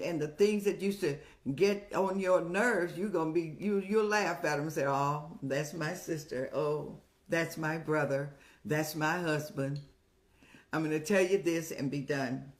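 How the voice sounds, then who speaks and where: An older woman hosting a live-streamed advice show, talking in a motherly, preachy way and telling stories with laughs. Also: low voice. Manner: motherly, preachy, addresses viewers as "child".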